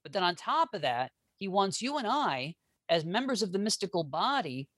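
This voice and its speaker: Brief: male guest historian, lively and jokey, restarts a lot, dry close recording. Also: high-pitched, moderate pace, no room sound. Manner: animated, joking, restarts often. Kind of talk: casual interview talk.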